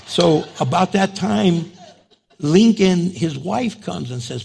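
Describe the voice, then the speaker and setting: A man's voice: normal speed, gravelly. A middle-aged male pastor with a New Mexican Chicano accent, telling a story in a sermon and acting out the dialogue. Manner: animated, acts out dialogue with big pitch jumps.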